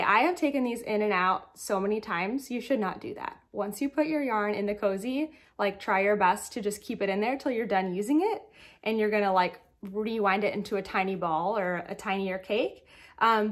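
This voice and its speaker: Knitting podcast host: a woman with a fairly high voice gone groggy from the morning, chatty and giggly. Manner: chatty, rambling, giggly asides. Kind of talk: casual chat showing knitting projects.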